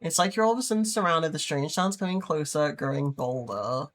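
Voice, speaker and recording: A woman's voice: sits low, expressive, brisk, slight background noise. A woman streamer reading a horror game aloud, voicing its characters and reacting with squeals and swearing. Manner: reads narration aloud, voices characters, swears and squeals at creatures.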